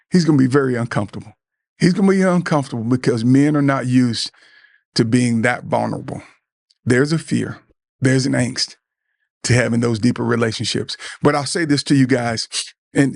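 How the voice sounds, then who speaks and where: A man's voice: medium pitch, creaky, no room sound, clean studio sound. A middle-aged man hosting a show, giving an earnest motivational talk to other men, repeating words and acting out what friends might say. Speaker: podcast host.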